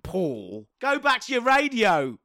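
A man's voice: extremely high pitch, wildly swooping pitch, slow, bright, forceful tone, dry recording, studio quality. A man co-hosting a comedy podcast, rambling through jokes and mock outrage. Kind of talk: improvised comedy banter.

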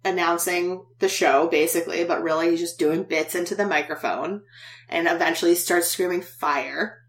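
A woman's voice: fairly low pitch, steady tone, a little fast. A woman podcast host casually recapping a TV episode, chatty and laughing often.

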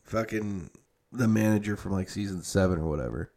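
Low, creaky, and mellow, this podcast host's voice moves briskly. He's a young adult man chatting casually, rambling and cursing heavily while filling gaps with fillers and correcting himself often.

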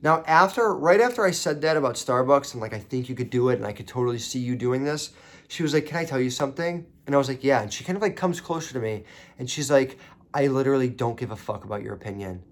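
A man's voice: mid-range voice, expressive, fast talker. A young man telling a story as a podcast host, casual and profane, rising into indignant ranting.

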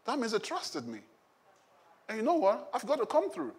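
Man preaching, high voice, chatty tone, questions to the congregation. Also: huge pitch swings, normal speed. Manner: conversational, asks the congregation questions. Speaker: pastor. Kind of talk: sermon.

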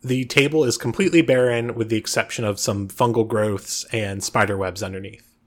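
A man narrating as game master of a tabletop game, relaxed and filling pauses with uh and um. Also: lowish voice. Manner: relaxed, frequent uh and um fillers.

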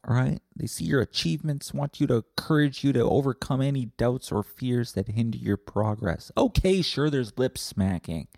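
A man's voice: medium pitch, expressive, moderate pace, vocal fry, hardly any pauses, darkish tone, no echo. A man hosting a podcast, ranting with sarcasm, swearing often and rambling. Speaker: podcast host. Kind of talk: comedic profane rant.

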